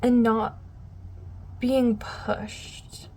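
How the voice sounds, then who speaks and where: A woman with a fairly high, mellow voice talks her viewers through a tarot reading in a loose, chatty way. She wanders off mid-thought, circles back, and fills the gaps with soft asides. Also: flat delivery, extremely slow. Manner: rambling, loses her train of thought, addresses viewers as "guys". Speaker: tarot reader.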